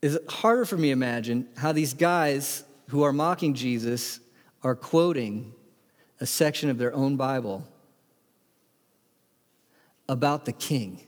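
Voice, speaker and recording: A man's voice: mid-range voice, measured pace, pauses often, long reverb tail. A man preaching a sermon, reading scripture aloud with emphatic delivery. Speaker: pastor.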